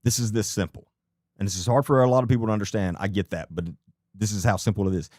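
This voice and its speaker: A man's voice: fairly low pitch, fairly even intonation, fast, darkish tone, dry recording, studio quality. A man commenting live on a video clip, blunt and incredulous, who swears and repeats rhetorical questions.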